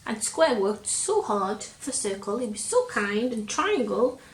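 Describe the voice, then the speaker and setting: A woman reading a picture book aloud to a child, slowly and gently, stopping to ask him questions. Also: on the high side, sing-song. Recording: roomy echo, faint hum.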